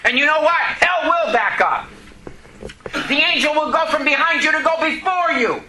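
A man's voice: extremely high pitch, expressive, normal speed, a crowd in the background, low-quality recording. A man preaching a sermon to a congregation, reading scripture and pressing the listeners with emphatic questions. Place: church service.

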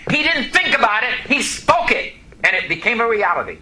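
A man's voice: very high-pitched, big pitch swings, a little fast, pushed and bright, a little hiss or hum, rough recording. A man preaching a sermon to a congregation, reading scripture and pressing the listeners with emphatic questions. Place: church service.

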